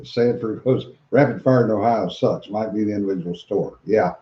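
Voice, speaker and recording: A man's voice: on the low side, moderate pace. A man co-hosting a casual chat show, reading viewer comments aloud with frequent laughs. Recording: echoey muffled room.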